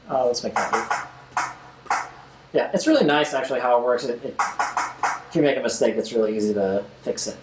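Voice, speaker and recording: A man's voice: medium pitch, animated, moderate pace, pauses often, roomy sound, very noisy. A young man hosting a casual screen-recorded music tutorial, talking as he clicks and scatting drum rhythms aloud.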